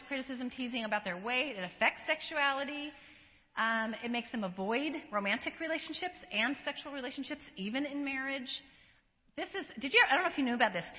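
A high, lively woman's voice speaks to a live audience in a big hall. She talks like a counselor, chatty and animated, often slipping into quoted remarks with quick asides to the crowd. The sound is dull and lo-fi and carries a long reverb. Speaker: counselor giving a talk. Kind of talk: conversational lecture to a live audience.

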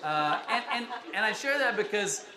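A man's voice: high voice, animated, moderate pace, over a noisy crowd. A man in his forties from the United States, a pastor giving a chatty, personal, self-deprecating sermon in a church sanctuary. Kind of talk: conversational sermon. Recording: echoey room with background noise.

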